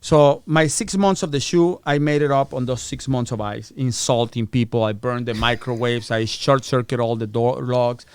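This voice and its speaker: A man's voice: mid-range voice, normal speed, hardly any pauses, clear, resonant tone. A middle-aged man, a podcast guest, telling stories with profanity and acting out the voices of the people in them. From United States. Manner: profane, acts out quoted voices. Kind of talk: animated storytelling interview.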